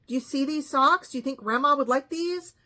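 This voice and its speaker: A woman's voice: sits high, brisk, pushed and bright, pitched above the performer's own voice. Brief: woman quoting a middle-aged woman with a whiny, babyish delivery. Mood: childish. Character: grown woman acting childish toward elderly mother.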